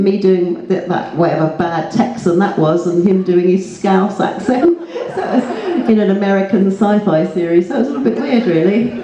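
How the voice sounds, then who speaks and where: Brief: female panel guest, laughing often, mellow tone, distant mic in a big echoey hall. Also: mid-range voice, lively intonation, normal speed. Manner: giggly, self-mocking chat. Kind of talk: convention Q&A. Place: convention hall.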